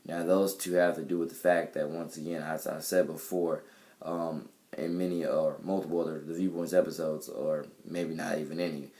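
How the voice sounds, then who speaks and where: A man's voice: a bass voice, flat delivery, normal speed, darkish tone. A young man talking to camera in a casual video diary about his music, rambling with many fillers and restarts. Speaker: vlogger and musician. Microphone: camera mic.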